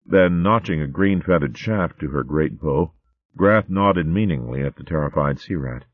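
A man narrating a storybook in an animated, expressive way. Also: a bass voice, normal speed, no room sound. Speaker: audiobook narrator. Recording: phone-like dry audio.

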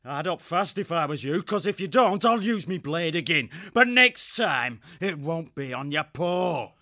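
A nasty swaggering ferret warlord, rough slangy taunts, way higher than his own voice and all over the place. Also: animated, a little slow, bright, forceful tone, full character voice. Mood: menacing.

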